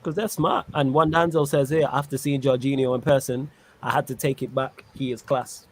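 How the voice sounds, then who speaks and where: A man's voice: medium pitch, flat delivery, normal speed. A man hosting a casual football chat, slangy and laughing often. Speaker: host.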